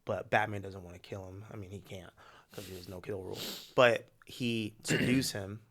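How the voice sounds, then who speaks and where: A man co-hosting a podcast, spinning a story in casual chat with slangy, animated delivery. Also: lowish voice. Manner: animated, slangy storytelling with quick acted quotes. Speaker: podcast co-host.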